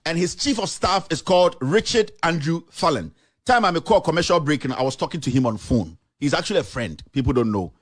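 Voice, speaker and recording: Emphatic man with lively high pitch. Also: a little fast. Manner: emphatic, repetitive, switching between English and local phrases. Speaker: journalist and show host. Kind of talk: emphatic commentary to camera.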